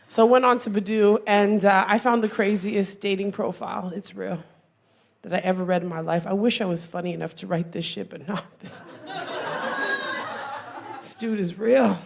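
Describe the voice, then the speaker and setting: Brash, profane female stand-up; gravelly, noisy live stage recording. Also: medium pitch, fairly even intonation, moderate pace. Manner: brash, profane, punchy delivery. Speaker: stand-up comedian. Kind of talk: stand-up comedy set. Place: comedy club stage.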